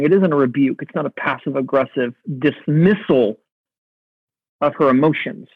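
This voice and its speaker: Male pastor, sermon, husky tone, dry close sound. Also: medium pitch, no echo. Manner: earnest, reflective, slows for emphasis. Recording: dry, phone-like narrow sound.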